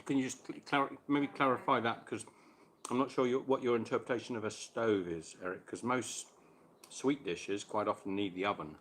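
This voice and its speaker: A man's voice: medium pitch, normal speed, fairly bright tone, slight background noise. A man hosting a casual live stream chat while cooking, chatting between bites and answering viewers' questions.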